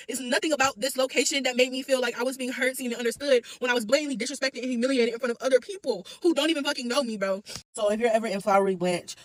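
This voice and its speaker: A woman's voice: high-pitched, no echo, low-quality recording. A woman who works as a delivery driver, venting to camera in an upset, swearing rant and calling her viewers y'all. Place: Georgia.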